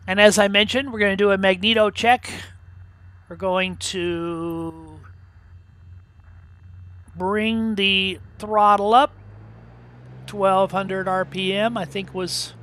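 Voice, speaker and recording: A man's voice: high-pitched, pushed and bright. A man hosting a flight sim video, talking casually and instructively, rambling a bit with fillers and restarts as he goes through pre-flight checks. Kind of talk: casual talk while flying a simulator.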